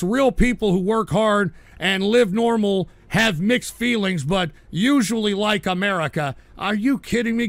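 High, gravelly voice of a ranting male streamer. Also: fairly bright tone, dry recording. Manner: angry, profane ranting. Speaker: livestream host. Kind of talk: live call-in stream, reading donations.

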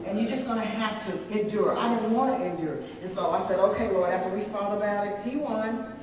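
Texan woman elder, animated sermon storyteller, distant mic in a roomy church. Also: mid-range voice, fairly quick, a little hiss or hum. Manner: animated storytelling, calls to the congregation. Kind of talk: sermon with personal testimony. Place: church sanctuary. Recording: echoey church hall from far off.

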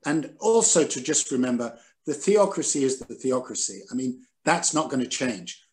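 An older man, a former newspaper editor, giving measured, analytical answers in an interview over a video call, with frequent ums and restarts. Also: medium pitch, animated, darkish tone.

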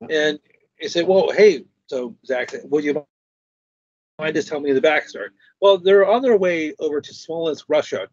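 A man's voice: on the high side, slightly rough, dull audio. A man hosting a stream, chatting casually and retelling a story with other people's words. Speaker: stream host. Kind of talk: casual conversation.

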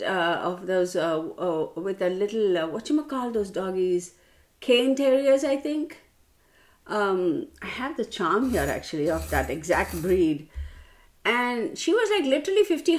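A woman tarot reader telling a rambling story straight to her viewers, calling them y'all. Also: a little high.

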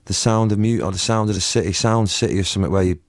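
A man's voice: lowish voice, steady tone, fast talker, no echo. A man in his forties with a Manchester accent, chatting as a musician guest in a casual, rambling, slangy way. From England. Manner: rambling, slangy, keeps saying "you know what I mean". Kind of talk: casual interview chat.

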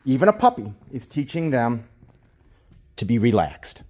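A man explaining dog training in a casual lesson, talking into a camera he holds himself. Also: moderate pace. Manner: switches between calm explanation and high-pitched baby talk praising the dog. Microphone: handheld camera.

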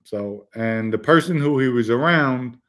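A man's voice: medium pitch, measured pace, a bit bright. A man from the Bronx, casually telling blunt, profane stories on a podcast and laughing at his own jokes. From the Bronx, New York. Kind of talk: casual storytelling chat.

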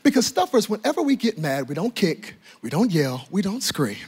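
A man preaching as a pastor, playful and animated, joking with the congregation and swinging from loud bursts to hushed tones. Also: high-pitched, normal speed, slightly rough. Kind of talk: lively sermon. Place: church auditorium.

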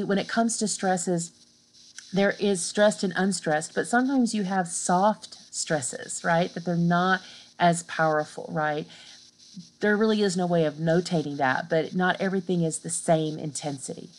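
A woman's voice: fairly low pitch, a little slow, slight background noise, poor audio. A woman giving a recorded literature lecture over slides, explaining in a casual way and checking in with a frequent "right?". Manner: casual teaching with fillers.

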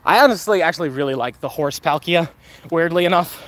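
A man's voice: a little high, lively intonation, a little fast, a bit bright. A man live-streaming a mobile game outdoors, chatting casually with viewers, joking and thanking donors.

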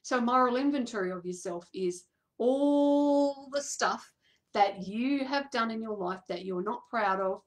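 A woman, a coach telling a personal story to an audience in an animated way, acting out quoted voices and laughing often. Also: a little high.

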